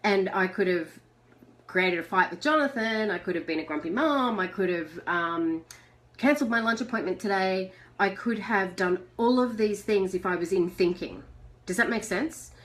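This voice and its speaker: A woman's voice: mid-range voice, moderate pace. A middle-aged woman hosting a live video chat. She talks chattily, reads out viewer messages, and laughs often. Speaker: host.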